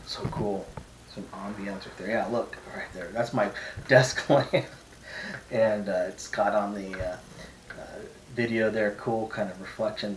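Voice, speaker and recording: A man's voice: lowish voice, reverberant, recorded from a distance, a little hiss or hum, lightly acted, rough recording. A man voicing a rambling painter in a put-on Eastern European accent, hosting an art tutorial from his home studio. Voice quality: rambling, many restarts and fillers. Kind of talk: casual talk to camera.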